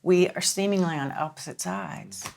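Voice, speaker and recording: A woman in her sixties, a singer-songwriter guest, telling stories in a relaxed, reflective dinner conversation. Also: lowish voice, normal speed, gravelly. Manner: reflective storytelling, lively and animated.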